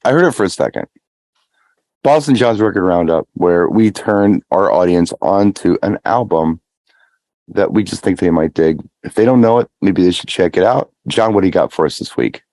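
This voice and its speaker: Low-voiced man hosting casual chat. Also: expressive, normal speed, darkish tone, no echo. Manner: jokey, laughs often. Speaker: co-host. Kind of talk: casual chat on a live music show.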